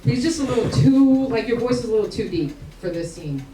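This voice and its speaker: A woman's voice: on the high side, expressive, a little fast. A woman comedian doing stand-up, teasing the audience in a brash, profane way. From Albania. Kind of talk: stand-up comedy with crowd work. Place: comedy club stage before a live audience. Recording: roomy club sound, distant, crowd noise.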